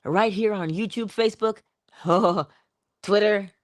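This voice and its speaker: A woman hosting an inspirational morning livestream, musing and affectionate, drifting between hushed asides and bursts of laughter. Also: mid-range voice, takes it slowly, no room sound. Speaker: livestream host. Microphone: livestream mic.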